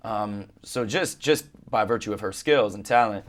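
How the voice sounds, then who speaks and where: A man answering interview questions in a thoughtful, measured way, explaining his ideas at length. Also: on the low side. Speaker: interview guest, actor and director. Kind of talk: casual interview.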